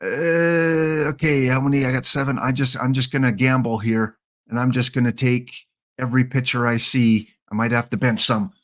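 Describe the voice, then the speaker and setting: A man's voice: medium pitch, flat delivery, moderate pace. A man doing live-streamed commentary over a baseball sim, muttering to himself and talking to the players on screen as he picks them.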